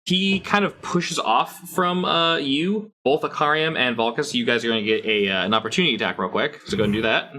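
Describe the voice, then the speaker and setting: Bright-voiced man running a tabletop game. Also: mid-range voice. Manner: halting, with many fillers and restarts while describing. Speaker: game master.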